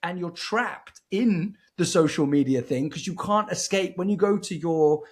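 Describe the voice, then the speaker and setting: Husky man sharing film theories. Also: sits high, normal speed. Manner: eager, rambling, many restarts. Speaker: podcast guest. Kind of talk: casual film review chat.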